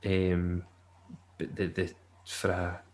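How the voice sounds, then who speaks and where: Male podcast co-host, low voice, loose jokey chat, light background noise. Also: completely flat delivery, slow pace, a little mellow. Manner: rambling and jokey, laughs often. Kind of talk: casual chat.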